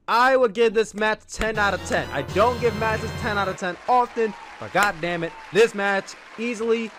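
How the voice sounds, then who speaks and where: An excitable man hosts a casual wrestling podcast, rambling and restarting his sentences as he gushes. His voice sits a little high for a man, and the sound is dry and close. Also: no room sound. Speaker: podcast host.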